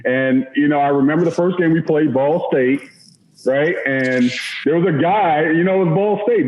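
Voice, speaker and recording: A man in his forties, a former college offensive lineman, telling a rambling, self-mocking story in casual talk. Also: fairly high pitch. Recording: echoey, dull remote audio.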